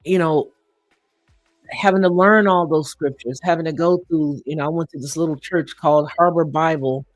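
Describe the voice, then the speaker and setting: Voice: medium pitch, steady tone, moderate pace, no room sound, soft background music. A live-stream host telling a personal story in a reflective way, often chuckling and using fillers.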